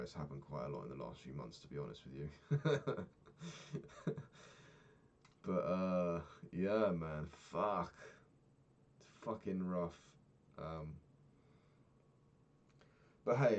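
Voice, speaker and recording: Young male vlogger from England, deep voice, downcast confessional diary, frequent swearing, trailing sentences. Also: a little mellow, lo-fi sound. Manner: low-key, heavy swearing, trailing off. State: sad, recently crying. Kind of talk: personal video diary.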